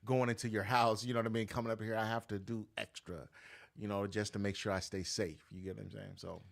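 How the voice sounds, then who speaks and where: A man's voice: quick pace, creaky. A man, a notary business owner, telling stories casually in an interview and acting out the voices he quotes. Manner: animated, acts out quoted voices with big pitch jumps.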